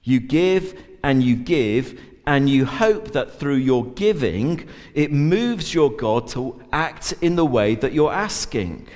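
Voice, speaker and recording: A man's voice: mid-range voice, lively intonation, slow pace, darkish tone. A man preaching a sermon in an earnest way, with many fillers and restarts. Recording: long church reverb.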